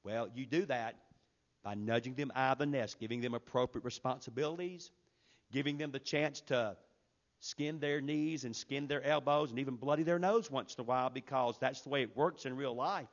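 Guy preaching, mid pitch, punchy then soft, bit muffled recording. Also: normal speed. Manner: emphatic preaching, swings from loud to hushed. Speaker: pastor. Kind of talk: sermon.

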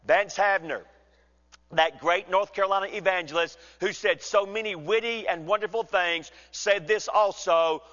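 A man preaching an expository sermon, measured and emphatic, slowing down to read scripture. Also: high-pitched, a bit bright. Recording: dull sound with long hall reverb.

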